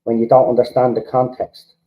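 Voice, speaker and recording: An Irish man from the Republic of Ireland hosts a fan channel livestream, ranting heatedly at chat, swearing and often repeating himself. His mid-range voice is monotone and fairly quick, and the audio is narrow and tinny.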